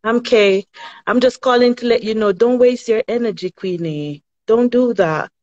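Woman caller, calm and reassuring; muffled lo-fi sound. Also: fairly high pitch, normal speed. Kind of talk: casual chat.

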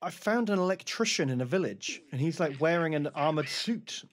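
Giggly young man, slightly high. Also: expressive, brisk, slight background noise. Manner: giggly, rambling with many fillers. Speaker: gamer co-host. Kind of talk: casual chat while gaming.

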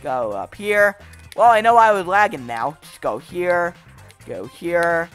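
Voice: mid-range voice, expressive, slow, fairly bright tone, faint music behind. A gaming channel host giving gameplay commentary, frustrated and swearing, with raging outbursts.

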